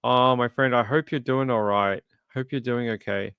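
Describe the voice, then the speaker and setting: A man's voice: mid-range voice, fairly even intonation, moderate pace, a bit bright, clean tone, no room sound. A man hosting a true crime livestream, chatting casually and reading viewer comments aloud with sympathy. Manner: conversational, sympathetic, reads chat aloud.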